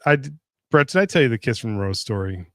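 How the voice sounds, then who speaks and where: A middle-aged man hosting a casual whiskey tasting livestream, telling a story with lively impressions of others. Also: fast, no echo. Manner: animated storyteller, jumps up high when imitating others. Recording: dry close sound.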